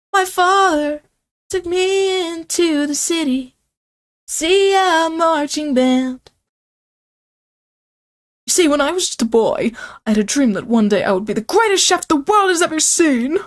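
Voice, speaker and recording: A self-absorbed old colonel chef from a video game , voiced by a woman. He speaks in a put-on accent, drawing out grand tales of his dreams with slow, sweeping delivery. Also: sits high, animated, pitched above the performer's own voice. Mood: dramatic. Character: hearty old male fast-food colonel chef, dreamy and self-centered.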